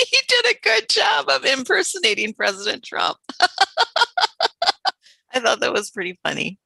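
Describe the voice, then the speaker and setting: A woman's voice: a little high, big pitch swings, a little fast, vocal fry, few pauses, sharp tone, slightly rough, dry recording. A woman hosting a livestream, chatting casually and giggling as she introduces clips. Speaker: livestream host.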